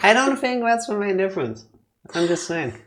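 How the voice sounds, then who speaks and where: A man's voice: high-pitched, sing-song, unhurried, fairly bright tone. Chatty man co-host. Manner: chatty, jokey, asks lots of questions. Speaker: co-host of a let's play. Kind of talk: casual chat.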